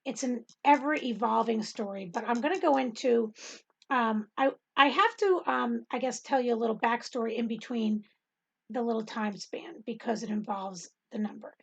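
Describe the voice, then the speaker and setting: A woman's voice: fairly high pitch, normal speed, vocal fry, husky, muffled recording. A middle-aged woman telling a rambling testimony in casual talk, with many ums and frequent laughter. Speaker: Bible study host and teacher.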